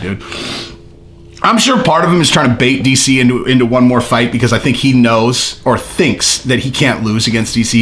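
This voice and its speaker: A man's voice: medium pitch, fairly bright tone. A man hosting his own channel, talking casually and animatedly, with lots of filler words and swearing. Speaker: host. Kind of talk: casual commentary.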